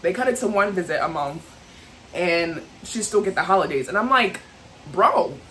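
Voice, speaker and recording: A woman's voice: fairly low pitch, animated, normal speed, a bit bright, slight background noise, low-quality recording. A young adult woman venting to camera in an emotional, heated, rambling way, full of "like" and "you know what I'm saying". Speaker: vlogger.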